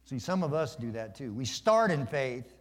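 A man's voice: mid-range voice, big pitch swings, normal speed. A man preaching a sermon to his congregation in a folksy, conversational way, asking them questions and joking. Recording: long reverb of a large hall.

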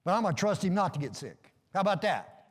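A man's voice: sits high, big pitch swings, quick pace, breathy edge, big-room sound. A middle-aged man preaching a sermon in a folksy, joking way, calling for amens. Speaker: pastor.

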